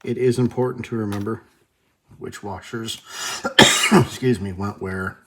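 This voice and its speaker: The host of this relaxed workshop video has a fairly low, steady voice with a slightly bright quality and a measured pace. Working at his bench, he explains what he's doing, mixing in self-deprecating humor and under-the-breath comments.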